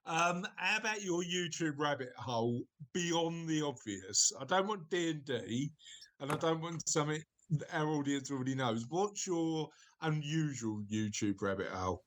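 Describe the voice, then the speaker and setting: A man's voice: a little high, lively intonation, moderate pace, a bit bright. A man hosting a podcast chat, teasing and setting up games. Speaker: podcast host. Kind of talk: casual chat.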